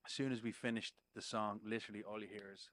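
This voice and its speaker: A man's voice: lowish voice, fairly even intonation, fast, fairly bright tone, a little hiss or hum. A man, a musician guest on a podcast, telling a story in casual chat, swearing freely and checking in with "right?".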